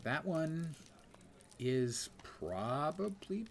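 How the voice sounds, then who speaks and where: A man's voice: on the high side, very animated, drawn-out words, a little hiss or hum. Wry older man streaming a game. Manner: wry, self-deprecating, reads quest text aloud. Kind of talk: casual gameplay commentary.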